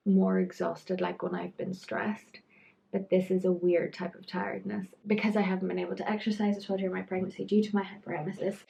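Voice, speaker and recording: A woman's voice: fairly low pitch, creaky, darkish tone, poor audio. A young woman giving frank, chatty pregnancy advice to camera, trailing into asides. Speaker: pregnancy vlogger. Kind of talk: casual talk-to-camera advice.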